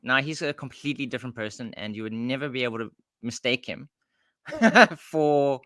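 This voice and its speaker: A man's voice: mid-range voice, expressive, normal speed, sharp tone, no room sound, studio quality. A South African man co-hosting a casual podcast chat, rambling through points with restarts and laughter. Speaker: podcast co-host.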